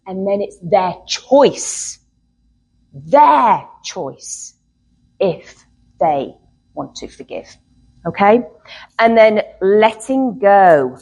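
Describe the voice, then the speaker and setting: A woman's voice: mid-range voice, a little mellow, breathy edge, poor audio. A middle-aged woman, a therapist, teaching a live workshop to a group in a chatty way, often checking in with "okay?".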